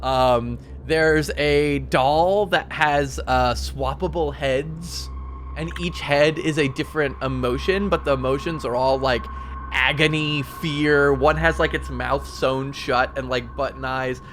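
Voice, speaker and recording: A man's voice: medium pitch, fairly even intonation, slow, fairly bright tone, slight background noise. A man narrating as game master on a stream, casual and rambling with fillers. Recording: music playing behind.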